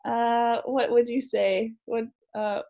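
A woman's voice: on the high side, level tone, slow pace, dark tone, muffled recording. A woman hosting a podcast over a video call, chatting casually and laughing often. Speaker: podcast host.

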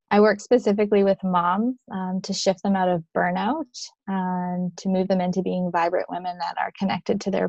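A woman life coach talking as a podcast guest over a video call, in a relaxed manner. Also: mid-range voice, vocal fry, dry recording, highs cut off. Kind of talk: casual interview chat.

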